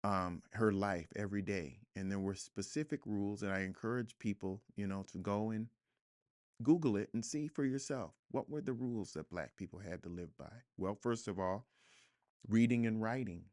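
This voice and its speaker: A man with a fairly low voice talks as a guest in a studio interview. He is reflective and earnest, and at times he builds to emphatic repetition. The tone is smooth and full, and the sound is dry and close. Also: normal speed, darkish tone, no room sound. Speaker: guest author. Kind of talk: podcast interview conversation.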